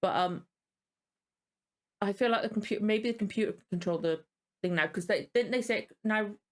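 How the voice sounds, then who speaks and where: A woman's voice: medium pitch, normal speed. A tired woman hosting a reaction video, rambling casually and apologizing often. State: tired and yawning.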